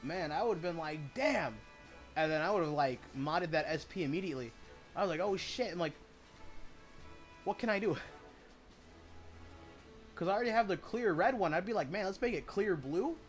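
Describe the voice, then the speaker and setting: A man's voice: sits high, animated, moderate pace, long pauses, soft background music. A man chatting casually while he streams a video game, rambling and swearing as he retells stories.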